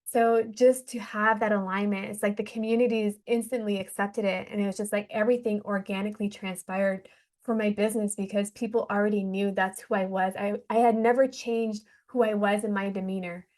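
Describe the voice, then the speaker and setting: A woman's voice: medium pitch, flat delivery, fairly quick, a little mellow. A woman speaking as a podcast guest, a life coach telling her own story in an earnest, heartfelt way. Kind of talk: casual interview talk.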